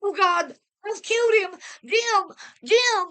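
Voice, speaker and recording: A woman's voice: high voice, normal speed, sharp tone, pitched above the performer's own voice. A woman voicing a frightened, hysterical young wife who pleads and shrieks in distress. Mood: shrieking.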